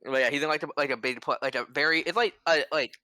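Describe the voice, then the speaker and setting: A man's voice: on the high side, fast, bright, forceful tone, no room sound. A man narrating as game master in a casual, rambling way.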